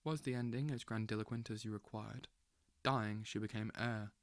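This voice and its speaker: A man reading a literary novel aloud as an audiobook, slow and intense, with dramatic swells. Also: on the low side, fairly even intonation, dry recording. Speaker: audiobook reader.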